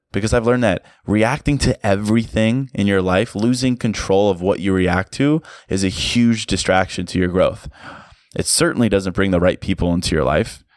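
A man's voice: deep voice, no echo, clean studio sound. A man hosting a solo podcast, talking casually and reflectively, with lots of "like" fillers. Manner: casual and reflective, many "like" fillers, light laughs. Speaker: podcast host. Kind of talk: solo motivational podcast talk.

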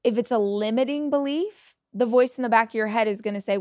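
A woman in her forties hosts a motivational podcast in a blunt, energetic voice and swears now and then. Her voice sits a little high. The close mic gives a dry sound with no room echo. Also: brisk, hardly any pauses. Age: 40s. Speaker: podcast host.

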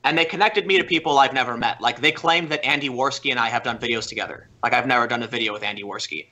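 Bright-voiced man telling a story. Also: mid-range voice, quick pace. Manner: animated storytelling, lots of "like" and restarts. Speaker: podcast guest. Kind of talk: casual podcast chat.

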